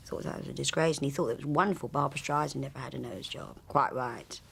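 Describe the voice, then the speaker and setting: A woman interviewee telling anecdotes in a chatty, animated way, often restarting her sentences. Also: rumbling low, fast talker, creaky, slight background noise. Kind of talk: anecdotal reminiscence.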